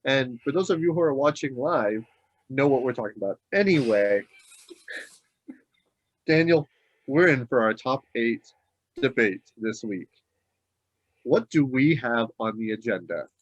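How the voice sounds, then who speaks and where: A man's voice: medium pitch, expressive, measured pace, pauses often, dry recording. Easygoing podcast man, dull dry sound. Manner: easygoing, thinks aloud with many hesitations. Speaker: podcast co-host. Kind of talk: casual podcast chat.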